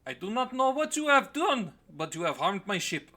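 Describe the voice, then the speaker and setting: A man's voice: high-pitched, very animated, normal speed, sharp tone, voice pushed up, heavily acted. A man voicing a perfectionist male orc shipwright who speaks in a stiff, formal way. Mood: indignant. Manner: stiff, formal, indignant speech.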